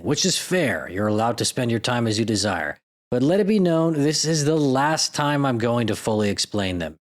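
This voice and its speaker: A young man hosts his own podcast in a loose comedic monologue, full of sarcasm, self-mockery and casual swearing. His pitch swings widely from line to line. He sits at a middle pitch for a man. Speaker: podcast host.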